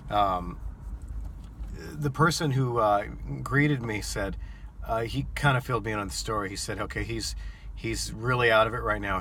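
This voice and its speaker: A man with a fairly low voice and a bright, forceful tone tells a story in a loose, rambling vlog style. He stumbles and repeats words and fills pauses with ums and uhs. A faint hum sits behind him. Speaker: rideshare driver and vlogger.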